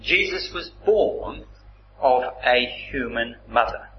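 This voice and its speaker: A man preaching a sermon, slow and deliberate, reading scripture aloud with strong emphasis. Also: medium pitch, animated, slight background noise. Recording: roomy, slightly dull recording.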